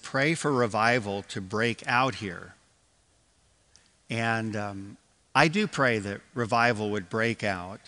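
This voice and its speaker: A man's voice: medium pitch, pushed and bright, long reverb tail. An older man from Michigan preaching an evening sermon as pastor, telling a story with many restarts and asides. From Michigan, USA. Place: church sanctuary.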